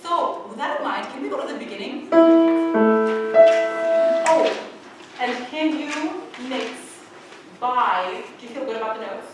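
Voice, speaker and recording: A woman's voice: fairly high pitch, lively intonation, unhurried, pauses often, over loud music. A woman conducting a choir rehearsal, talking in a chatty, upbeat way and singing syllables to show how a passage goes. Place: large rehearsal hall. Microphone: far camera. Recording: echoey hall from far off.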